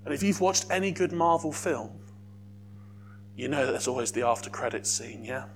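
A man preaching a sermon as a youth worker, lively, with joking asides to the congregation. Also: medium pitch, normal speed, slight background noise.

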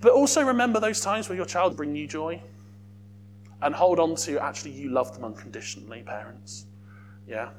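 A man preaching a sermon as a youth worker, lively, with joking asides to the congregation. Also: fairly high pitch, normal speed, slight background noise.

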